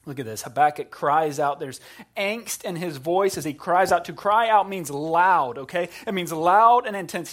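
Guy preaching a sermon, gets real quiet then loud and intense. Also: sits high, normal speed. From South Carolina. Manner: dynamic preaching, swinging from hushed to loud. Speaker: pastor.

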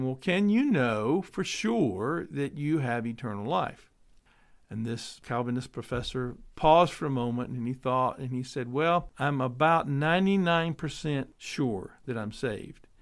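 A Bible teacher, a man, reads scripture aloud and explains it in a measured, instructive manner, his voice dropping low as each point ends.

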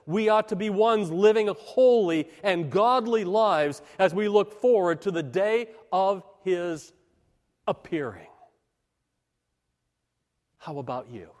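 High-voiced man preaching in a hall. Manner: emphatic, measured preaching with dramatic pauses. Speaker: pastor. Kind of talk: sermon.

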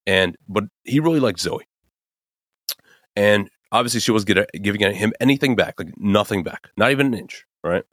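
Young man, podcast host, low voice, dry close sound, casual rant. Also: moderate pace, no echo. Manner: animated, ranting, lots of fillers and "right?". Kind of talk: casual opinion monologue.

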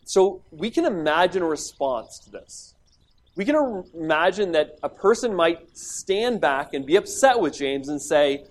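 A man preaching a sermon that teaches on a scripture passage. He speaks emphatically, acts out quoted speech, and often repeats words as he starts a thought. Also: a little high.

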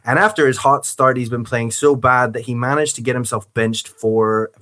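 A man's voice: medium pitch, steady tone, normal speed, a bit bright. A man from the States with a partly Northern Irish accent, hosting a casual podcast with a chatty, joking manner and frequent laughs. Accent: American with a Northern Irish twang. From United States. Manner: chatty, laughs often, playful mock outrage. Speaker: podcast host.

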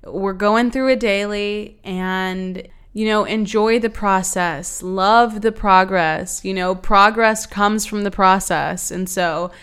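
A woman's voice: medium pitch, fairly even intonation, slow pace, hardly any pauses, fairly bright tone, clean tone. A young woman hosting a self-help podcast, talking earnestly and rambling with many fillers. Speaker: podcast host. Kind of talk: casual self-help talk.

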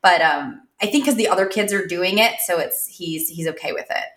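A woman in her thirties, co-hosting a podcast, telling stories in a casual, animated way and laughing often. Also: lowish voice, a little fast, echoey room. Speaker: podcast co-host. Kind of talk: casual chat.

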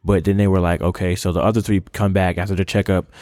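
A man's voice: low voice, level tone, quick pace, a little mellow, dry recording. A man co-hosting a faith podcast, telling a story in casual chat and ending with emphatic conviction. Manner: affirms with short interjections, then tells a story with emphatic conviction. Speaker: podcast co-host.

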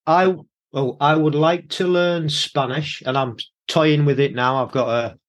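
A man answering an interview question in a relaxed, hesitant way. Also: a little high, a little slow.

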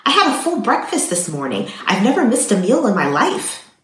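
A woman's voice: mid-range voice, big pitch swings, normal speed, a bit bright, pitched above the performer's own voice. A woman doing a curt, angry young thief. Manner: curt, irritated. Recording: roomy echo.

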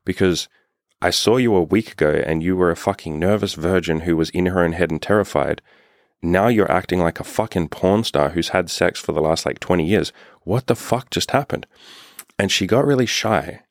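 Low-voiced man telling a blunt story. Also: normal speed, no echo, studio quality. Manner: blunt, profane, filler-heavy storytelling. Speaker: dating coach. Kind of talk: casual storytelling monologue.

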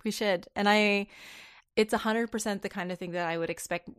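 A woman's voice: mid-range voice, steady tone, brisk, smooth, no room sound, studio quality. A woman co-hosting a book podcast, eagerly retelling scenes in a casual, conversational way. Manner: enthusiastic, paraphrases the book in a conversational way. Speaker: podcast co-host. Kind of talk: casual book discussion chat.

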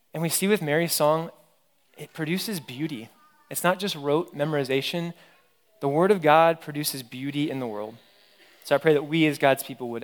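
A pastor in his thirties preaching a sermon, earnest and emphatic, repeating key phrases. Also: on the high side.

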